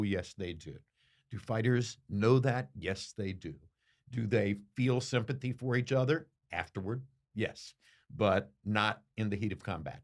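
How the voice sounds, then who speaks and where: Fielding interview questions, this elderly boxing commentator speaks in a lowish voice, unfolding slow, thoughtful anecdotes punctuated by emphatic pauses.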